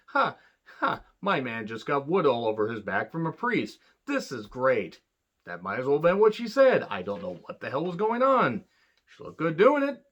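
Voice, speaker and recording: A man's voice: medium pitch, a bit bright, muffled recording. A man giving a casual, profane wrestling review, blunt and sarcastic, rambling with restarts.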